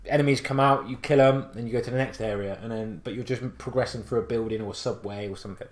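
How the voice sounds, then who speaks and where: Animated rambling West Country man, echoey room. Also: medium pitch, fast talker. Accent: West Country English. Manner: rambling, animated storytelling with many restarts. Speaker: podcast co-host. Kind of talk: casual chat.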